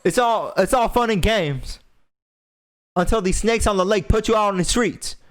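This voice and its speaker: A man's voice: high-pitched, normal speed. A young man hosting a podcast, delivering an impassioned, preachy rant and repeating phrases for emphasis. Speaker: podcast host.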